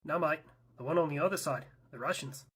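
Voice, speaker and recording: A man's voice: a little high, fairly quick, fairly bright tone, breathy edge. A man voicing a blunt, irritable male personification of Britain who calls people "mate". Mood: exasperated. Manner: blunt, exasperated, says "mate".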